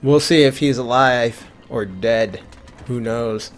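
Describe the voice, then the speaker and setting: Tired young male gamer, casual rambling play-by-play, mid-pitched voice. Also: takes it slowly, a little hiss or hum. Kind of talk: gameplay commentary.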